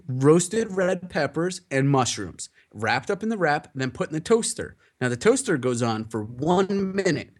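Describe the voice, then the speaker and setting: A young man rambling through a story in casual chat, acting out the dialogue and swearing often. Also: medium pitch.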